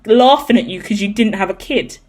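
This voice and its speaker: A woman's voice: mid-range voice, a little fast, darkish tone. A woman giving a casual tarot reading, talking emphatically with frequent swearing and ranting asides. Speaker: tarot reader.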